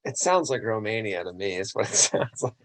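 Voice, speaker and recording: A man's voice: on the low side, lively intonation, brisk. A man on a podcast chatting casually in an easygoing, encouraging way. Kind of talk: casual chat.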